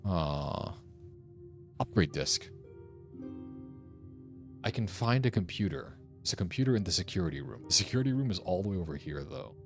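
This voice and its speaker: A man's voice: low voice, sing-song, normal speed, pauses often, faint music behind. A young man streaming a puzzle game, thinking aloud as he works through its clues. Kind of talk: casual gameplay commentary.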